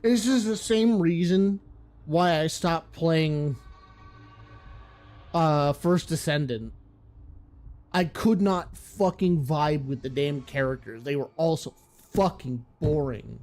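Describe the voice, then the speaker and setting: A man's voice: fairly high pitch, slow pace, a little mellow. A man streaming a game, ranting with profane exasperation in casual commentary.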